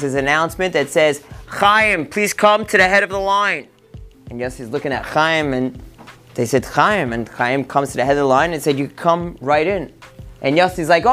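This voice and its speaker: A man, a rabbi hosting a podcast, tells a parable, jumping into his characters' lines as he narrates. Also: a little high. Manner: animated storyteller, acting out characters' lines. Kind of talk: storytelling a parable.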